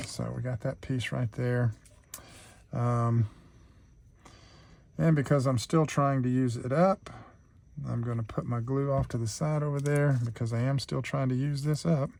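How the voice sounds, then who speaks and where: A man's voice: mid-range voice, darkish tone, a little hiss or hum. A man hosting a real-time craft tutorial, chatting easygoing as he thinks aloud through each step.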